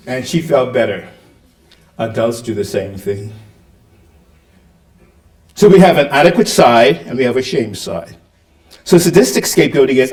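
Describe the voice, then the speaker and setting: A man's voice: on the high side, sing-song, normal speed, long pauses, darkish tone. An older man giving a public lecture, asking the audience rhetorical questions and acting out the lines he quotes. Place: lecture hall. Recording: roomy hall, mic at a distance.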